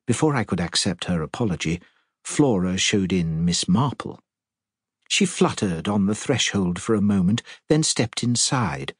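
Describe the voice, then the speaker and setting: A man with a husky voice narrating an audiobook in an expressive storytelling manner. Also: deep voice, moderate pace, dry recording, studio quality.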